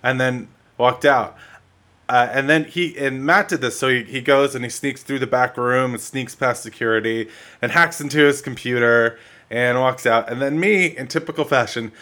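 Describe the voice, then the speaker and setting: Bright-voiced man, blunt and playfully contrary. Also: medium pitch, moderate pace. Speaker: podcast co-host. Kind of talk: casual gaming podcast chat.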